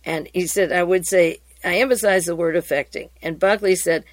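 A woman's voice: fairly low pitch, moderate pace, few pauses, no echo. Woman reading hearing transcripts aloud. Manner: reads quoted exchanges in a steady, even voice, then comments with fillers and restarts.

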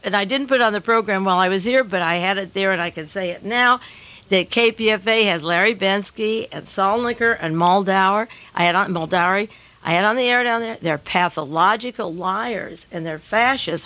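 An older woman holds forth as a radio host, running one thought into the next with hardly a pause. She talks at an ordinary pitch for a woman. Now and then she slows right down to stress a point. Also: fairly bright tone, rough recording. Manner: rapid, rambling and emphatic, slowing down to stress points. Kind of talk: on-air radio talk during a fundraiser.

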